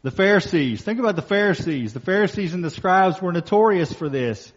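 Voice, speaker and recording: A man's voice: high-pitched, expressive. Man preaching in a reverberant hall. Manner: emphatic, slows for key phrases, repeats lines for stress. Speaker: pastor. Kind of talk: sermon. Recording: muffled sound with long reverb in a hall.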